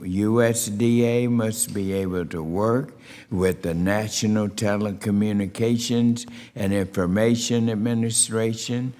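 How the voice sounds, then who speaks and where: A man opens a committee hearing with formal remarks, his voice on the low side. He talks slowly and deliberately, often filling gaps with "uh". The long reverb of the hearing room trails after each phrase. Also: darkish tone. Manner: deliberate, with frequent "uh" fillers. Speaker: committee chair.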